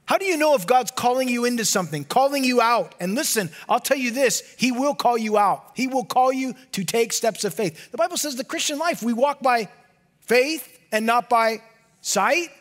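A man preaching a sermon as pastor, animated and often dropping to a hushed low voice for emphasis. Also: moderate pace.

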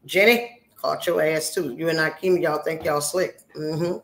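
A woman's voice: deep voice, fairly even intonation, measured pace, fairly bright tone. Brash, profane woman in her sixties. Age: 60s. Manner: brash, profane, teasing scolding. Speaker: livestreamer. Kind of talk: casual live-stream chat with viewers. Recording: roomy echo.

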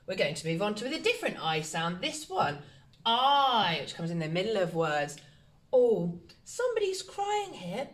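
Slow, lively-voiced woman teacher. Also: medium pitch. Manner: encouraging, slow and sing-song, sounding out letters. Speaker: primary school teacher. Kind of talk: phonics lesson for young children. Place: home, recorded for online learning.

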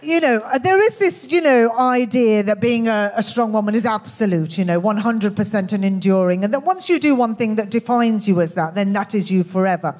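A woman with a Birmingham accent performing a stand-up comedy set in a club, with a dry, deadpan, self-mocking delivery. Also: medium pitch, fairly quick, few pauses. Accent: Birmingham English. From England. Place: comedy club with live audience.

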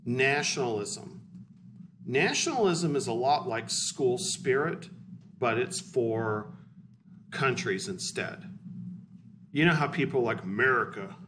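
A man's voice: mid-range voice, animated, slow, pauses often. A male history teacher giving a casual, blunt, conversational lecture in a classroom. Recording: distant mic with faint hiss.

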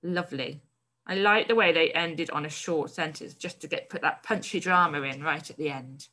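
A woman's voice: deep voice, normal speed, sharp tone. A woman primary school teacher giving a recorded online lesson, reading a story aloud and encouragingly explaining its word choices.

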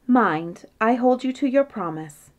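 A giddy, eager young princess from a storybook, begging for her whim in drawn-out, wheedling pleas, as a woman reads her aloud. Her voice sits a touch higher than the surrounding narration and lingers on its words. It is an easygoing storybook reading rather than a full performance. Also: expressive, lo-fi sound.

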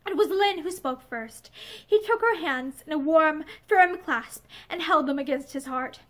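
A woman reads a novel aloud in a room lined with bookshelves. Her voice sits very high, gentle and expressive, and it drops to a soft whisper in the tender passages. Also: unhurried. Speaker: audiobook reader. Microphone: camera facing her.

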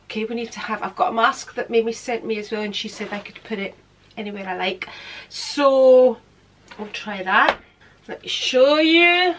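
A woman chats to a camera set up in front of her at home, unboxing beauty products while snacking. Her voice sits a touch high, she laughs often, and a faint hiss runs under the recording. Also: moderate pace. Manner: chatty, laughs often, talks with food in mouth. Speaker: vlogger. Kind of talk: casual chat to camera.

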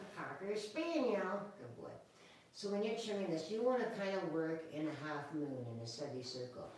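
Woman groomer, chatty, calm teaching tone, lowish voice, heard from off-mic in a very echoey room. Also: distant mic, a little hiss or hum. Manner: chatty and calm, talks to the dog. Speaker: dog groomer. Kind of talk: live grooming demonstration.

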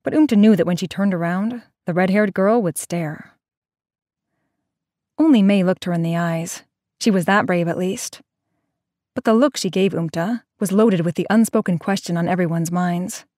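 A woman narrating an audio drama in a slow, measured storytelling manner. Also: fairly low pitch, warm tone, no room sound, clean studio sound.

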